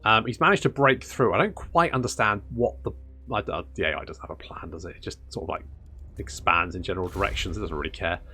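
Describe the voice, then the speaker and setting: A man's voice: sits low, fast talker, pushed and bright, slight background noise. A man commentating a strategy game in casual let's-play style, sarcastic and swearing as he grumbles at the game. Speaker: gaming YouTuber.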